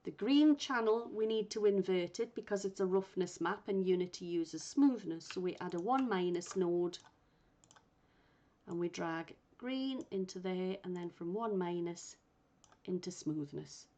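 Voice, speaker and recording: A woman instructor guiding learners step by step through a software tutorial, thinking aloud as she works. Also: on the low side, lively intonation, measured pace. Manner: patient, thinks aloud while working. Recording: muffled lo-fi recording.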